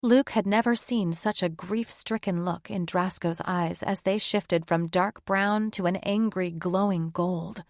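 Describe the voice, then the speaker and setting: A woman narrating a fantasy romance audiobook in an even, measured way. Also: fairly low pitch, no room sound, studio quality. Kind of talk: scripted narration.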